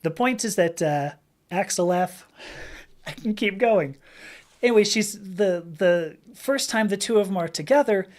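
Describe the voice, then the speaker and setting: A woman's voice: medium pitch, expressive, unhurried, a little mellow. A woman hosting a casual livestream, answering viewer questions in a rambling, chatty way and often breaking into laughter. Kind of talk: casual chat.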